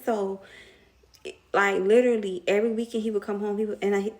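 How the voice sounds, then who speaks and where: A woman's voice: medium pitch, fairly quick, gravelly. A young woman telling a casual storytime to her viewers, slangy and chatty, laughing often.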